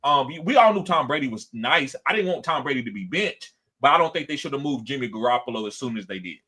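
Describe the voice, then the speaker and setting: A podcast host runs a casual sports talk show with lots of energy, reading chat comments aloud and acting out quotes in a higher voice. He talks fast, with a breathy edge to his voice.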